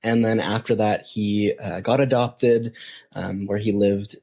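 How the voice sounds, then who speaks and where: Slow, husky-voiced man telling a story. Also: on the low side, steady tone, mellow. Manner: halting, with many ums and restarts. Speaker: podcast co-host. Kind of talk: casual storytelling chat.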